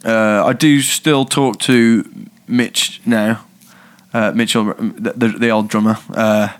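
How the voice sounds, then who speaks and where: A man's voice: fairly low pitch, fairly even intonation, takes it slowly. A man with a Birmingham accent co-hosting a podcast in casual chat, talking in a hesitant, reflective way that often trails off. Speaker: podcast co-host.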